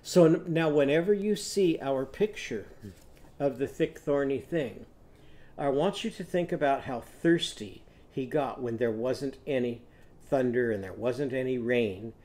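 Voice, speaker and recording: A man's voice: medium pitch, unhurried. A man teaching a children's phonics lesson, telling a short story and leading simple songs for young learners to repeat. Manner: animated, coaxing, sings lines for children to echo.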